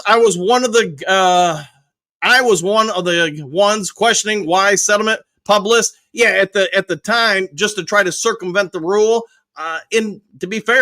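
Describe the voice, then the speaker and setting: A man's voice: sits high, pushed and bright. A man hosting a live stream, reading viewer comments aloud one after another and answering each in a casual, friendly way. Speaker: livestream host reading chat.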